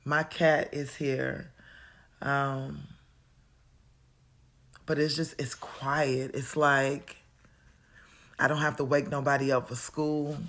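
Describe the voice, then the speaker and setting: Slow, low-voiced woman in her forties. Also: flat delivery, fairly bright tone. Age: 40s. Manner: chatty, calls the listener honey and child. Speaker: vlogger. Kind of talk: reflective casual monologue. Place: at home, indoors.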